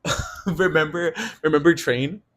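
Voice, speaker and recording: A young man in his twenties, co-hosting a podcast and telling a story in a casual chat, animated and laughing often. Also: a little high, moderate pace. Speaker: podcast co-host.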